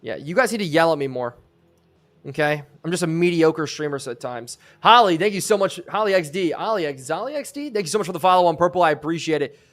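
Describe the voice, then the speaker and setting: A man's voice: a little high, quick pace. A young man streaming a football video game live, commenting on the plays and reading chat aloud. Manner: excitable, reads chat aloud.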